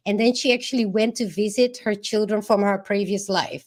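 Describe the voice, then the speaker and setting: A woman's voice: medium pitch, fairly even intonation, normal speed. A woman with a mid-range voice chats in a casual podcast. She speaks easily, with short agreeing replies and the odd filler. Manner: chatty, with brief agreeing replies and some fillers. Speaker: podcast co-host. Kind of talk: casual conversation.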